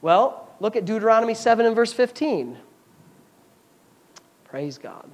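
A man's voice: high voice, big pitch swings, a little slow, a little hiss or hum. Pastor, male, fervent sermon delivery with conversational asides while teaching scripture. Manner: fervent preaching with scripture reading; explanatory, chatty asides.

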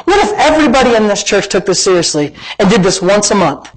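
Talking fast in a husky, high-pitched voice with big pitch swings, a pastor preaches emphatically and repeats himself. He acts out imagined conversations and then leads a prayer and altar call, all on a rough recording.

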